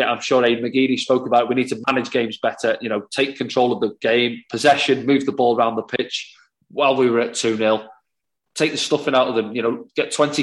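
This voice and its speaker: A former footballer as a podcast guest, analysing a match in long talkative runs with frequent restarts. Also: male voice, medium pitch. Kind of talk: casual podcast chat.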